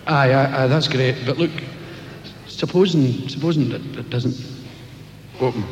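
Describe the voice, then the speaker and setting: A man's voice: medium pitch, unhurried, highs cut off, noisy background, voice pushed down, natural voice. A man voicing a nervous Glaswegian man learning to parachute, fretful and stammering. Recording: echoey hall, live venue.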